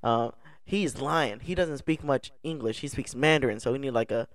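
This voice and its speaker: A man's voice: medium pitch, moderate pace, dry recording, studio quality. A young man, a podcast co-host, telling a story in casual chat, rambling and restarting his sentences and laughing along the way. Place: indoor podcast setup.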